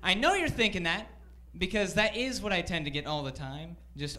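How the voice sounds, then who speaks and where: High, bright young man doing cocky self-mocking stand-up. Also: sing-song, moderate pace. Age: 20s. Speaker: stand-up comedian. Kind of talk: stand-up comedy set. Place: comedy club stage.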